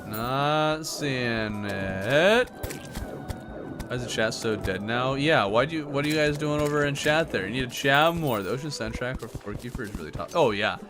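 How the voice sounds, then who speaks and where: An American man livestreaming a game, bantering with his chat in a bouncy, animated voice that swings up and down. His pitch sits in the middle for a man, and soft game music plays underneath. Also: moderate pace. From United States. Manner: joking banter, reading chat aloud. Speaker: streamer. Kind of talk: casual gaming livestream chat.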